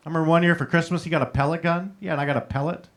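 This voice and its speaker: Young male stand-up, story-driven, quick "right?" tags, easy crowd banter. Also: on the high side, steady tone. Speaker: stand-up comedian. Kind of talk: stand-up comedy set. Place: live comedy showroom.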